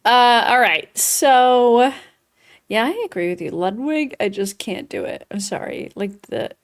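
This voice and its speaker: A woman's voice: a little high, lively intonation, measured pace. A woman co-hosting a casual chat, giggly and laughing through her words, acting out silly quoted voices. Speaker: podcast co-host.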